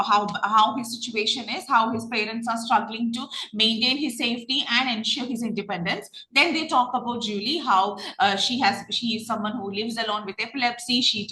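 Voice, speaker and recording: A woman's voice: a little high, bright, forceful tone, roomy sound, low-quality recording. A woman with a Malayali English accent, a trainer running an online reading class, who asks students many questions and often restarts her sentences.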